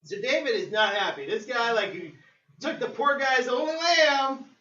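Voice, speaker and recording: A male preacher delivering a sermon, telling the story in a lively way with acted-out quotes. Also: very high voice, moderate pace, a little hiss or hum. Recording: roomy, distant, dull sermon recording.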